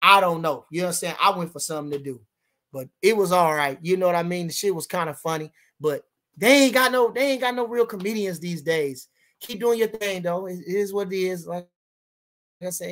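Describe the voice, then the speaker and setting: Reading out viewer comments on his casual boxing livestream, a man fires back in boastful, brash street slang and repeats lines to drive them home. He talks at normal speed in a high, slightly bright voice.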